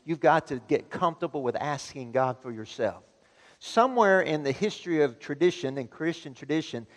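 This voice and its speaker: A man preaching a sermon as pastor, emphatic and building to loud exhortation. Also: a little high. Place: church sanctuary. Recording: long church reverb.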